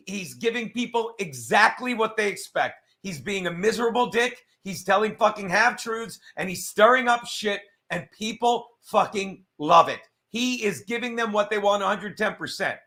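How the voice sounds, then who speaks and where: A man with a high, bright voice rants profanely about a football coach. His delivery is crude, mocking and animated. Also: normal speed, hardly any pauses. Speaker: show host. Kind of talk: profane sports rant.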